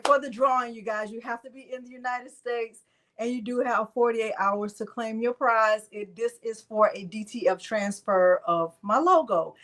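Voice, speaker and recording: Gushing woman on a live stream. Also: a little high. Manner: gushing, exclamatory, talks to viewers as y'all. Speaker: crafting livestream host. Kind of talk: excited live stream chat. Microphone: desk microphone.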